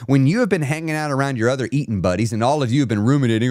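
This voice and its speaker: A man's voice: medium pitch, racing, darkish tone, no room sound, clean studio sound. A man hosting a weight loss live stream, giving an emphatic, repetitive motivational talk and reading out viewer comments.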